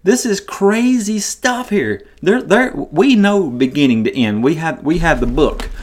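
A man giving a casual Bible teaching, talking in a conversational way, repeating words and retelling scenes with feeling. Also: on the high side.

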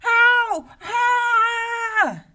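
A woman doing a bellowing slow giant. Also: sits high, lively intonation, voice pushed up. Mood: pained shouting. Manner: slow, loud, drawn-out bellowing. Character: huge hungry male giant, bellowing and bossy.

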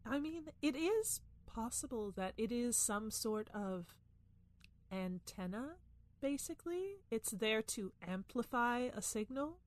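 A woman's voice: on the high side, animated, slow, no echo. A woman playing a tabletop game who talks in a chatty way, searching for words and using many fillers. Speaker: player. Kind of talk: casual tabletop play.

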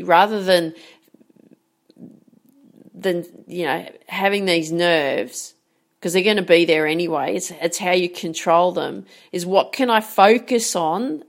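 A woman working as a sports mindset coach gives a motivational talk on handling nerves. She is direct and emphatic, often posing rhetorical questions, and her voice is lowish.

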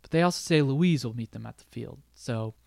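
A man's voice: medium pitch, creaky, a little mellow, dry recording. Male podcast co-host, mid-range voice, casual plot recap, dry close mic. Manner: recaps the plot, laughs often, quotes lines in quick bits. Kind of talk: casual chat.

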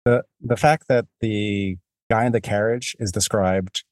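A man's voice: fairly low pitch, fairly even intonation, a little slow, darkish tone, no room sound, studio quality. A man hosting a podcast, talking through a book in a rambling, self-deprecating way with many restarts. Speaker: podcast host. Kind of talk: casual book discussion.

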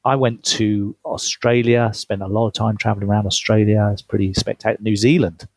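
This author, interviewed about his book, has a voice on the low side with little pitch movement, vocal fry, a darkish tone and a breathy edge, and he speaks fairly quickly. He tells chatty travel stories, laughing often and breaking off to restart phrases. No echo is present.

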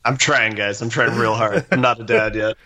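A man's voice: lowish voice, fairly even intonation, moderate pace, bright, forceful tone. A man co-hosting a casual tech podcast, speaking in an easygoing, hesitant way with fillers. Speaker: podcast co-host.

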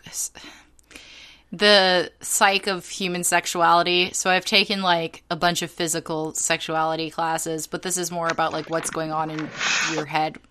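Bright-voiced young woman rambling through stories. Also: on the low side, clear, resonant tone. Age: young adult. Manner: rambling storyteller, many fillers and restarts. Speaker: podcast co-host. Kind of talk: casual podcast chat.

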